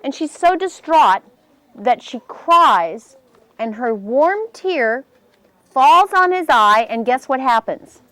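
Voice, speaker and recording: Animated woman telling a fairy tale. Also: takes it slowly, no echo. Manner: animated, voices the characters with big pitch jumps. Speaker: storyteller.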